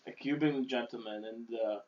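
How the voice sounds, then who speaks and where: A man's voice: mid-range voice, normal speed, a little mellow. A young man co-hosting a podcast, talking in casual chat with loose, run-on sentences full of "like" and "you know". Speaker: podcast co-host. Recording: dull lo-fi sound.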